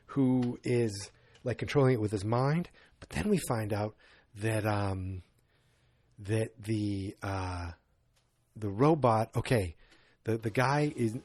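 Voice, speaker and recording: A man's voice: mid-range voice, darkish tone. Rambling, sarcastic male podcast host. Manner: rambling, sarcastic, self-deprecating asides. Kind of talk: casual movie recap.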